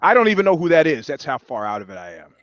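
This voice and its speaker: A man with a fairly high voice co-hosts a casual comedy podcast and slips into joking, mock-scolding rants. The sound is dry and close but slightly dull, like a lo-fi recording. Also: huge pitch swings, rapid-fire, fairly bright tone, no echo. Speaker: podcast co-host.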